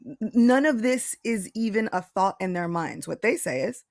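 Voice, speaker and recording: A woman co-hosting a casual spiritual podcast, telling stories in a chatty, animated way with many restarts. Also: medium pitch, normal speed, creaky, no echo, studio quality. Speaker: podcast co-host.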